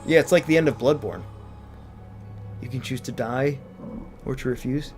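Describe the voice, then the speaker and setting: A man's voice: mid-range voice, moderate pace, a little mellow, faint music behind. A man casually commentating a video game with a co-host, playful and sarcastic, sometimes reading game text aloud. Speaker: let's play commentator.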